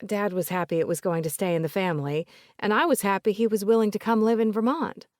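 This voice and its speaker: A woman voicing an older woman with a soft Southern accent, polite and remorseful, recalling family memories in a gentle, chatty way. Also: medium pitch, fast talker, no echo, studio quality, lightly acted.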